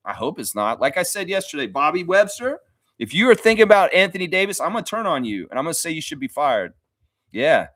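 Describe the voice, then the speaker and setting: A man's voice: mid-range voice, a bit bright, dry recording, clean studio sound. A man hosting a casual basketball livestream, reading chat messages aloud and reacting bluntly, with profanity and frequent laughter. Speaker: host of a daily basketball livestream.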